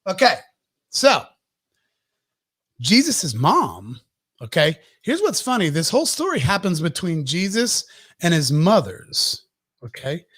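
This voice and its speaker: A man hosting a podcast, telling a comic story in an animated, profane rant. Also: on the high side, a little slow, breathy edge. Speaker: podcast host.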